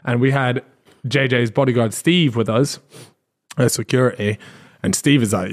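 A man's voice: mid-range voice, a little fast. Man telling a rowdy story. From Britain. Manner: animated, swearing, acts out quotes. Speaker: podcast co-host. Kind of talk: casual storytelling chat.

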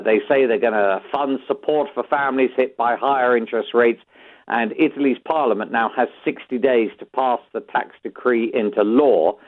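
British man on a tinny phone line. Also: medium pitch. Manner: measured reporting with frequent fillers. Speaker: UK correspondent. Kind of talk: news correspondent phone report.

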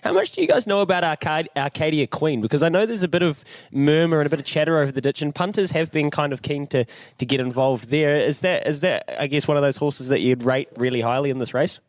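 A man's voice: fairly high pitch, fast, dry recording. A man with a New Zealand accent hosting a podcast in upbeat, casual chat. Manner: upbeat, chatty, hedging with fillers. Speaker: podcast host. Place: on site at a bloodstock sales venue.

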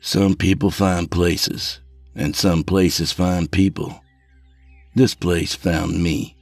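A man voicing an unhinged haunted man who talks slowly and broodingly. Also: low voice, expressive, breathy edge, no echo, faint music behind, voice pushed up. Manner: slow, brooding, turning to frantic shouts.

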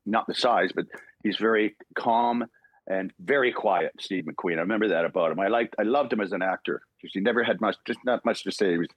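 Older canadian guy, husky lowish voice, tells stories with lots of acted-out bits and laughs, dry close sound. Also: fairly quick, no echo, dull audio. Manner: animated, acts out dialogue, laughs often. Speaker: guest voice actor. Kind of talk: podcast interview storytelling.

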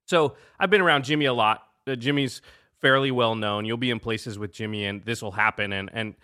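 A man hosting a podcast, telling a story in casual chat, animated and laughing often. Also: medium pitch, fairly quick. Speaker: podcast host.

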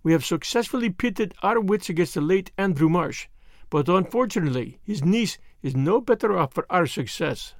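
A man voicing a fussy, excitable middle-aged Belgian detective in an audiobook. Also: high voice, dry recording, clean studio sound. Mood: brisk. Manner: theatrical, exclamatory, fastidious. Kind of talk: audiobook character voice.

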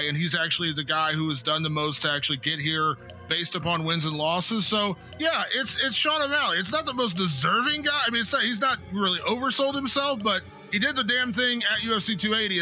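Blunt man with a very bright voice. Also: high voice, a little fast, faint music behind. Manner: blunt, dismissive. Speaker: panelist. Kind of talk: casual debate.

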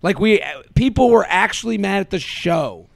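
A man in his thirties co-hosting a casual chat, rambling and animated, full of "like". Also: sits high, normal speed, gravelly, dry recording. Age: 30s. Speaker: podcast co-host.

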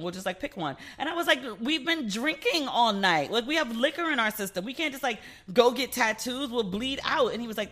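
A man with a high, bright voice hosts a solo podcast in a loose, confiding way. He swears freely and acts out both sides of remembered conversations. His talk is casual and unscripted throughout. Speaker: podcast host; relationship advice podcaster.

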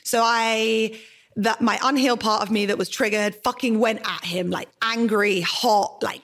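A woman's voice: on the high side, fairly even intonation, moderate pace, fairly bright tone. A woman hosting a podcast, chatting candidly in an interview, talking with fiery passion and swearing casually. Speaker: podcast host.

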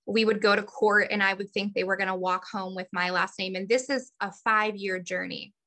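A woman's voice: medium pitch, fairly even intonation, normal speed, pushed and bright. A woman guest on a podcast telling a personal story openly. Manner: open, storytelling.

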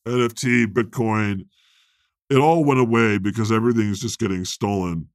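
A man's voice: lowish voice, moderate pace, no echo, clean studio sound, close to an everyday voice. A man playing God as a chatty, irreverent deity, hosting improvised comedy podcast banter in a rambling, easily amused way. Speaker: host.

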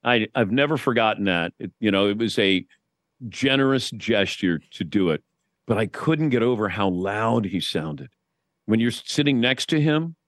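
A man's voice: lowish voice, lively intonation, moderate pace, dry recording, clean studio sound. A man in his sixties, a guest sportscaster, telling wry stories in casual chat with frequent restarts.

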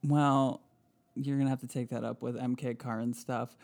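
A man's voice: medium pitch, little pitch movement, moderate pace, darkish tone. A man co-hosting a casual podcast chat, playful and laughing often. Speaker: podcast co-host.

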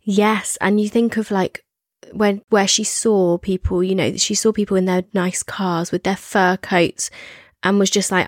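A woman's voice: mid-range voice, level tone, a little slow, dry recording, clean studio sound. A woman co-hosting a podcast, chatting in a reflective way with plenty of fillers. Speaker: podcast co-host. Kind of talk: casual chat.

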